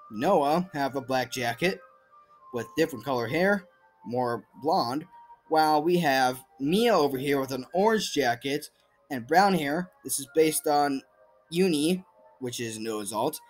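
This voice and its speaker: Rambling, lively young man over soft music. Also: fairly high pitch. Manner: rambling, self-deprecating, many fillers and restarts. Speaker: video creator presenting fan movesets. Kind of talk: casual voice-over commentary. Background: faint background music.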